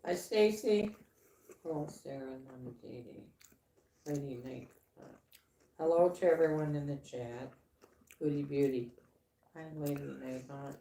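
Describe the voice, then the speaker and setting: A woman co-hosting a casual livestream chat, rambling with halting restarts and fillers. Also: low-pitched, warm tone, a little hiss or hum. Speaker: livestream co-host. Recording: echoey room.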